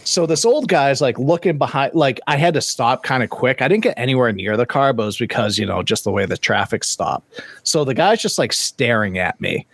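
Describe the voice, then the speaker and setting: Profane, animated man telling a story. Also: mid-range voice, a little fast, dry recording. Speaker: podcast co-host. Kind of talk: casual chat.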